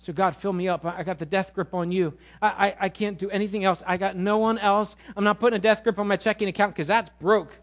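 A middle-aged man preaching a sermon as a pastor, telling a story with big loud peaks and quiet, intimate low passages. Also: fairly even intonation, fast talker, hardly any pauses.

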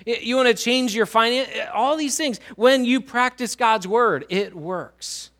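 A man preaching a sermon in a church, swinging between loud emphasis and quiet low lines and drawing answers from the congregation. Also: unhurried. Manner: asks the congregation questions and writes on a whiteboard. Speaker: pastor.

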